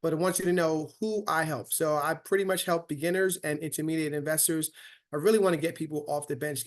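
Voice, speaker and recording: A man hosting a casual online investing lesson as a financial coach, upbeat and checking in with listeners with a frequent "right?". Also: on the high side.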